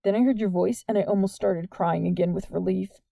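An earnest, wordy teenage boy speaking softly and sincerely, read by a woman. The tone is very dark and mellow, with no hint of brightness. It sounds close and dry, like a storybook reading. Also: medium pitch, steady tone, fairly quick, gravelly, no room sound. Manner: soft, plain and sincere.

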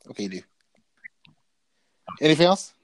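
Casual podcast co-host, man, animated storyteller, fairly high voice. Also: moderate pace, no echo, rough recording. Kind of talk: casual wrestling chat.

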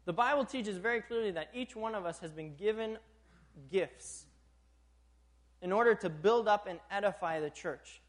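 A young man delivers a sermon in a notably high voice. He keeps it animated, chuckles often and keeps checking that his listeners are with him. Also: moderate pace. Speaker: preacher.

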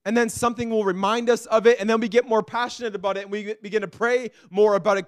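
High-pitched pastor guy preaching, goes soft then loud and pleading, dry close mic. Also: steady tone, quick pace, few pauses, smooth, no echo. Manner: earnest preaching, swinging from hushed to loud pleading. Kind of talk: sermon. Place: church.

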